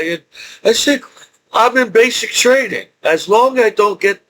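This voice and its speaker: A middle-aged man telling rambling stories in a casual, excitable way, repeating himself and restarting often. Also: sits high, rough recording.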